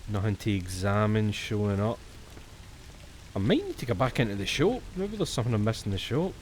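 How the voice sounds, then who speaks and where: A man's voice: fairly low pitch, lively intonation, a little fast, a little hiss or hum. A Scottish man chatting casually as he streams a horror game, jumpy and swearing when something startles him. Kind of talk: let's-play commentary.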